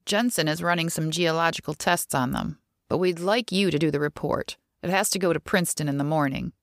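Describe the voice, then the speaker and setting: Brief: woman doing businesslike male boss giving orders; low voice, dry close sound. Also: brisk, dry recording. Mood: brisk. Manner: businesslike, instructing, droning. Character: brisk middle-aged male lab boss.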